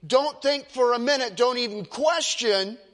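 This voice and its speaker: A man's voice: very high voice, unhurried, fairly bright tone, big-room sound. A male pastor preaching a sermon with emphatic, dramatic storytelling.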